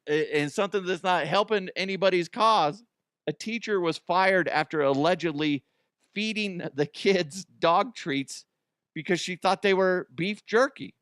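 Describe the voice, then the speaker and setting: A man's voice: on the high side, fairly bright tone, no echo, studio quality. An American man hosting a comedy news show, giving a crude, profane, self-mocking monologue. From United States.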